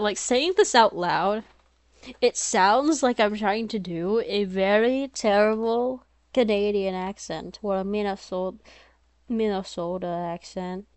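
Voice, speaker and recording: A woman reading her own story aloud in a plain, steady voice, now and then breaking into chatty, self-mocking asides. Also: mid-range voice, measured pace, dry recording.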